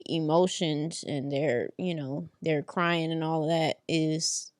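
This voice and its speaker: A woman's voice: low voice, steady tone, slow pace, darkish tone, dry recording, studio quality. A woman guest on a podcast, speaking reflectively and agreeably in casual conversation.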